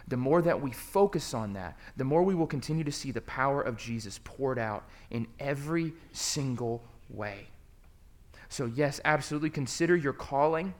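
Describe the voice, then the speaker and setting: A young man preaching a sermon, telling a personal story in a conversational way that swings from quiet reflection to loud, excited emphasis. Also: medium pitch, normal speed. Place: church.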